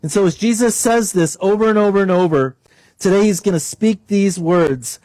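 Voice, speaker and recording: High-voiced man preaching a sermon. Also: expressive, normal speed, a little mellow, dry recording. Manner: storytelling, prays aloud, varies pitch for emphasis. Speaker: pastor.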